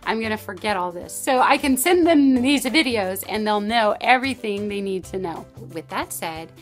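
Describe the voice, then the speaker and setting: A woman's voice: medium pitch, lively intonation, moderate pace, soft background music. A middle-aged woman giving casual parenting advice, telling a personal story in a chatty way with frequent restarts. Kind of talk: casual advice talk to camera.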